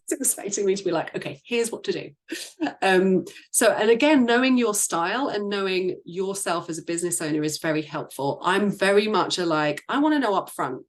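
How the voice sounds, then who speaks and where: A woman's voice: medium pitch, animated, fairly quick. A woman business and sales coach talking casually in a group discussion, chatty, laughing often and acting out quoted lines.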